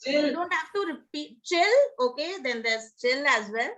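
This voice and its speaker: A woman's voice: high-pitched, expressive, normal speed, bright, forceful tone. A woman teaching a pronunciation lesson to a class, leading drills, coaxing students to repeat words and checking in with "okay?".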